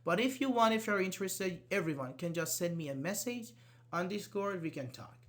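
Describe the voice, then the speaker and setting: A man with a fairly high voice runs a casual online English lesson and answers questions from chat. He is not a native speaker, so his grammar is loose, and he repeats words as he looks for the next thought. He speaks straight to his students. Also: expressive, fairly quick, fairly bright tone. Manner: casual, talks directly to students. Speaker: English teacher.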